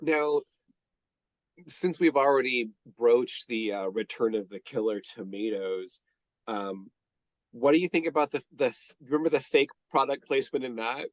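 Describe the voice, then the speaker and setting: A man's voice: medium pitch, animated, moderate pace, no echo. A man co-hosting a podcast, chatting casually about a movie, rambling with restarts and frequent laughs. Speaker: podcast co-host.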